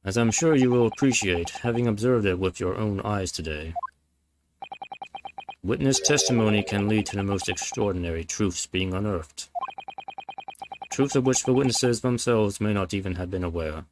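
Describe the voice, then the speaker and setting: A man voicing a stern, imperious male judge who speaks slowly and gravely. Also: lowish voice, big pitch swings, background noise. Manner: slow, grave and commanding.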